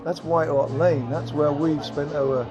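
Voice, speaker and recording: A man's voice: on the high side, fairly even intonation, measured pace, muffled recording, over loud music. An older man, a former footballer, giving a heartfelt, emotional interview outdoors at a stadium, piling up phrases with many ums.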